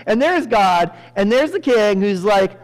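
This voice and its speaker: A male pastor telling a Bible story in a lively sermon, acting out the characters with sudden loud bursts and frequent laughter. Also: high-pitched, measured pace. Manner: animated, acts out characters with sudden loud jumps, laughs often. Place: church.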